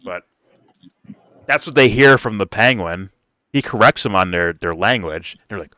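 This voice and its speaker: A man's voice: on the low side, expressive, measured pace, pauses often, pushed and bright, dry recording. A man hosting a reaction video, talking casually and animatedly with lots of swearing and mocking imitations of others. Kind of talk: casual profane reaction commentary.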